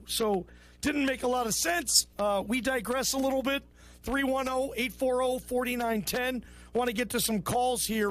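A man hosts a sports call-in show with a strikingly high voice. He talks loose and chummy, riffing between calls. It has a radio broadcast sound. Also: fairly bright tone, no room sound. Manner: loose, chummy, calls callers bro and brother. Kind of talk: casual call-in radio talk.

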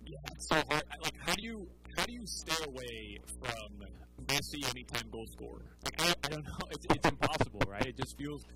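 A man talking soccer bets as a podcast guest, chatty and animated, often restarting his sentences. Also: mid-range voice, a little fast, music in the background, low-quality recording. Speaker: soccer betting analyst guest. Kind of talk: casual podcast chat.

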